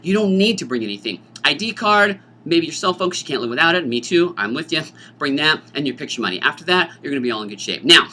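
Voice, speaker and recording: A middle-aged male teacher explains the school dance to his students with a bright, cutting voice. His pitch swoops around constantly as he jokes and slips into silly student voices. He sounds a little higher than most men. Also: a little fast. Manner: animated, jokey, acts out student voices. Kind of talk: informational talk to students.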